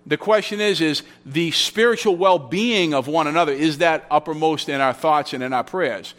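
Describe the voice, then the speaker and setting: Male pastor, slightly higher voice, conversational teaching sermon, repeats key phrases. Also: fairly bright tone. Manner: teaching, explaining Greek grammar with repeated phrases; conversational storytelling with restarts. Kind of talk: expository sermon.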